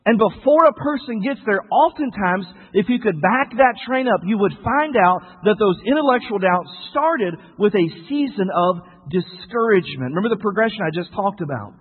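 High-voiced pastor in an echoey hall. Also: male voice, lively intonation, moderate pace, few pauses, slightly rough. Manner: earnest, questioning, repeats key phrases. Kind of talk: sermon. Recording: tinny, echoey hall sound.

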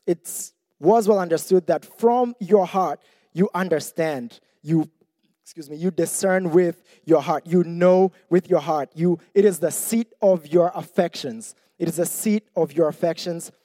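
Mellow-voiced man preaching casually. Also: fairly high pitch, measured pace, no echo, clean studio sound, big-room sound. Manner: conversational, self-deprecating, with frequent restarts. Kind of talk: sermon.

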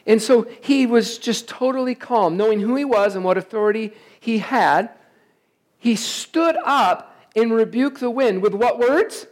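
At a church service that's streamed online as well, a male pastor preaches emphatically, firing rhetorical questions at the congregation. His voice is very high-pitched and his pace measured.

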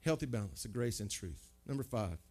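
A man's voice: fairly low pitch, expressive, a little fast, a little mellow. A male pastor preaching a sermon in a conversational way, asking the listeners questions and often stumbling over and repeating his words.

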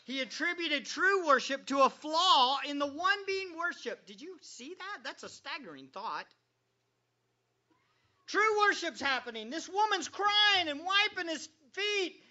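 A man's voice: extremely high pitch, expressive, a little slow, pushed and bright, highs cut off. A male pastor preaching a sermon in a conversational, joking way, quizzing the congregation as he goes.

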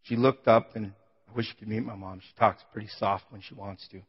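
A man preaches a personal testimony in a sanctuary, rising to loud, pleading peaks and falling back to a near hush. His voice rings out with a long reverb tail in a large hall, and the recording sounds muffled and dull. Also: steady tone, a little fast, breathy edge. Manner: emotional testimony, voice swelling then dropping low. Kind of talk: sermon.

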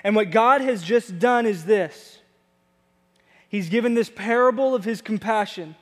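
A man's voice: high voice, a little slow, in a large hall. A man preaching a sermon as pastor, in an emphatic, conversational way.

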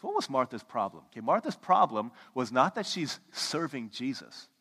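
A pastor in his thirties preaching a sermon, telling stories with sudden loud bursts and hushed, slow moments. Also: medium pitch, breathy edge. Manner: animated storytelling, swings from loud to hushed. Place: church sanctuary. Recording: long reverb of a church hall.

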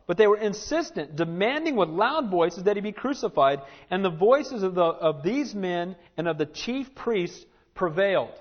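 High-voiced preacher, hushed to loud swings. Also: male voice, animated, moderate pace. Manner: preaching with swings between loud exclamation and hushed earnest tones. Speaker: pastor. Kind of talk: sermon. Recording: muffled lo-fi recording.

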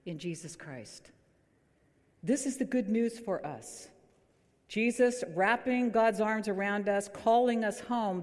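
Woman pastor, conversational sermon with gentle humor, long reverb of a church hall. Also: medium pitch. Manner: conversational, quizzes the congregation with light humor. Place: church sanctuary.

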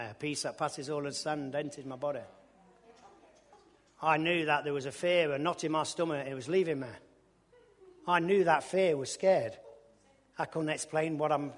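Guy preaching his testimony, kinda high voice, gets loud and excited, long church echo. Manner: colloquial storytelling, bursts of loud enthusiasm. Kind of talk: testimony sermon.

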